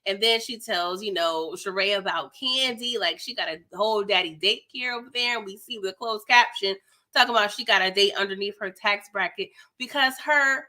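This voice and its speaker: A woman's voice: medium pitch, moderate pace, pushed and bright. A young woman giving a sassy, slangy, casual recap of a reality TV episode, full of "like" and "girl".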